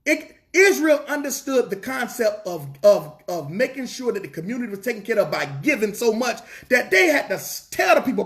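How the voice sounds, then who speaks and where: This fervent church sermon comes from a man with a very high, very animated voice and a fairly bright tone, talking a little fast with hardly any pauses. Speaking in a Southern US accent, he repeats lines and poses rhetorical questions to the congregation.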